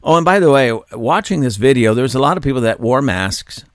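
A man's voice: medium pitch, animated, a little fast, no echo, studio quality. A man hosting a commentary show, reading a news story aloud and repeatedly breaking into laughter. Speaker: commentary channel host.

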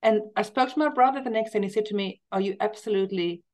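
A woman's voice: on the high side, rapid-fire. A middle-aged woman, a guest in a casual interview, telling stories enthusiastically and with emphasis. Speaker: guest, cookbook author.

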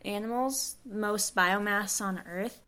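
A woman's voice: mid-range voice, slow, sharp tone. A young adult woman co-hosting a science podcast, explaining research in a loose, chatty way full of "like" and "you know". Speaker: podcast co-host and monarch researcher. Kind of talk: casual science podcast chat.

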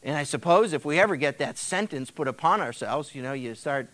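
Middle-aged guy preaching, chatty, kinda high voice, acts out bible people, old cassette tape sound. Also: expressive, brisk, fairly bright tone. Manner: conversational, acts out voices of biblical figures. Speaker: pastor. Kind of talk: sermon.

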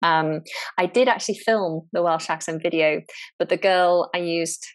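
A woman who teaches English, a guest in a relaxed interview, talking thoughtfully and often restarting her sentences. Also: lowish voice, moderate pace. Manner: thoughtful, frequent restarts and repeated words. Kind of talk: casual conversational interview.

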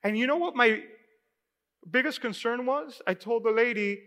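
A pastor addresses his congregation in the sanctuary at a normal speed, recounting something personal in an easygoing way peppered with "you know." The man's voice is high, bright and ringing, dissolving into a lengthy church-hall echo.

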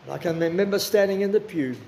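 A man, preaching a sermon in an earnest, personal way and slowing down for emphasis. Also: high-pitched, gravelly, mellow. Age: 60s.

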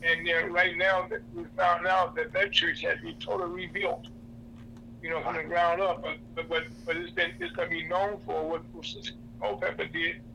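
A man with a St. hosting a radio show, speaking haltingly with many restarts. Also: fairly high pitch, level tone, creaky, sharp tone, a little hiss or hum, low-quality recording. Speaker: radio host. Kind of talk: casual radio talk.

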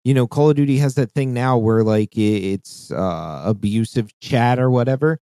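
A man's voice: mid-range voice, moderate pace, warm tone, clean tone, no echo, clean studio sound. A man co-hosting a casual podcast chat, talking in a profane, rambling way with frequent restarts. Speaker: podcast co-host.

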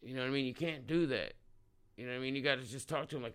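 A man's voice: medium pitch, very fast, smooth. A man from Oklahoma hosting a show, giving profane, heated commentary on a video clip. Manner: profane, heated, swearing freely. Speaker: show host.

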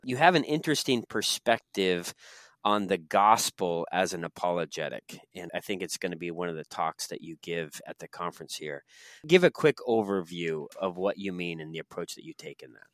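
Male host, very low voice, dry close sound, relaxed casual questions. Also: dry recording. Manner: relaxed, casual segues between topics. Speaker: interview host. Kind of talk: conversational interview questions.

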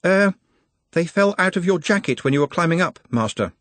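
A man's voice: sits high, lively intonation, brisk, fairly bright tone, dry recording, pitched above the performer's own voice. A man voicing a young, eager, politely deferential servant boy in an audiobook. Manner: earnest, cheerfully deferential. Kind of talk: audiobook character voice.

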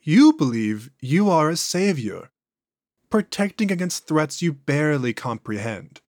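A man voicing an ancient entity speaking through a possessed man's body, slow, measured and contemptuous. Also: fairly high pitch, big pitch swings, darkish tone, no room sound, clean studio sound, voice pushed up. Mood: cold contempt.

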